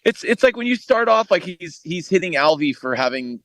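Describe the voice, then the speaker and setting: A man's voice: high voice, sing-song, moderate pace, fairly bright tone, no echo. Laid-back teasing man co-hosting. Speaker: podcast co-host. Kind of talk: casual chat.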